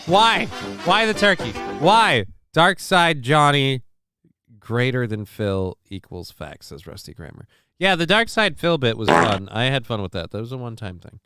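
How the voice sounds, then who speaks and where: A man's voice: medium pitch, sing-song, moderate pace, sharp tone, smooth, no room sound, clean studio sound, soft background music. A man hosting a casual livestream, joking loosely and with profanity while reading out viewer comments. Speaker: livestream show host.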